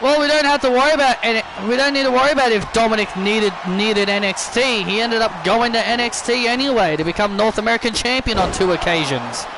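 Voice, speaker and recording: A man doing casual play-by-play commentary over a video game, rambling and repeating himself as he gets excited. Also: very high-pitched, fast, few pauses, noisy background.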